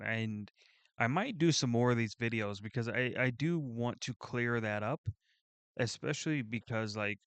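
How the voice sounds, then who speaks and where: A man hosting a reaction video, chatting casually in a rambling, excitable way and swearing freely. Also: medium pitch, clear, resonant tone, dry recording.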